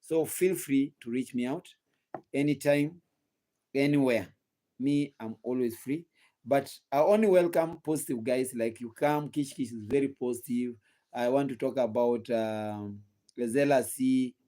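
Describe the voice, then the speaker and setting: A man's voice: mid-range voice, measured pace, warm tone. A young man with a Kenyan accent hosting a gossip channel in casual live-stream commentary, asking the viewers rhetorical questions and repeating himself while sleepy and yawning. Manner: rhetorical questions to the audience, repetitive.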